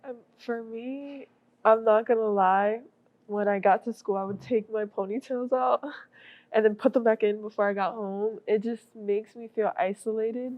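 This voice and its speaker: Young woman, student panelist, hesitant, soft-spoken, dull recording. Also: on the high side, steady tone, normal speed, no room sound. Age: young adult. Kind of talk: casual panel discussion. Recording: dull lo-fi sound.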